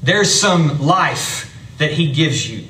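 A man's voice: fairly high pitch, expressive, slow pace, bright, forceful tone, a little hiss or hum. A man teaching a church Bible class, explaining things step by step in a chatty way with his students.

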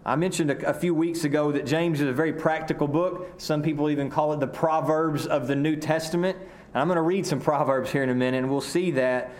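A man from Arkansas with a Southern drawl, preaching a sermon earnestly, often repeating words and slowing down for emphasis. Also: fairly high pitch, steady tone. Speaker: pastor.

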